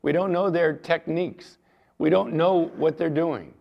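A man's voice: on the high side, fairly even intonation, a little slow, creaky, highs cut off. An older man preaching a sermon as pastor, telling a story and acting out the voices in it.

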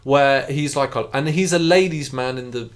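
A man's voice: medium pitch, crowd noise. A man co-hosting a podcast, talking casually about a game with frequent restarts and fillers. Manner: halting, many restarts and fillers. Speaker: podcast co-host.

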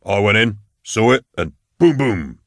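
A big, backslapping officer booms out with jovial good cheer, as a man reads him in an audiobook. His heartiness rides on a low voice recorded close and dry. He sounds pleased with himself and the room. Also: expressive, unhurried, dry recording. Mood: boisterous.

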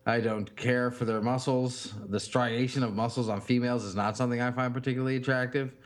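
A man's voice: mid-range voice, fairly even intonation, fairly quick. A man co-hosting a podcast, ranting sardonically with crude jokes. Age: adult with a young child. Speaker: podcast co-host. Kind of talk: crude casual chat.

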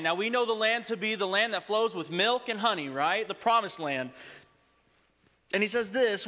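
A man's voice: sits high, lively intonation, moderate pace, bright, forceful tone, in a large hall. A man preaching a sermon as pastor in a church, telling stories and rising to emphatic points. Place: church sanctuary.

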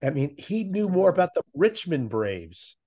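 A man's voice: fairly high pitch, moderate pace. An older man, a veteran sports broadcaster, telling anecdotes in a casual interview and acting out the people he quotes. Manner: animated anecdote teller, acts out quoted voices. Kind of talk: casual storytelling in a podcast interview.

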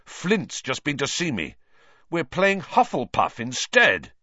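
A man's voice: mid-range voice, big pitch swings, normal speed, a bit bright, dry recording, voice pushed up. A man reading aloud voices an obsessive teenage boy team captain who speaks urgently and insistently. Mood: intense. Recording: dull lo-fi dry recording.

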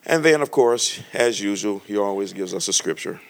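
A man preaching a storytelling sermon to a congregation, animated and conversational, often restarting his sentences. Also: lowish voice, normal speed, creaky. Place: church with a live congregation.

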